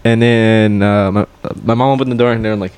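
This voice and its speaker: A man's voice: on the low side, steady tone, fairly quick, darkish tone, clear, resonant tone, dry recording. A young man co-hosting a podcast in casual chat, talking hesitantly with many restarts. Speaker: podcast co-host.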